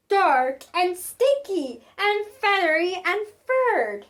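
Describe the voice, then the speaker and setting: A woman reading a picture book aloud to children in an expressive, sing-song way. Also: very high-pitched, slow, hardly any pauses. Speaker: children's storyteller.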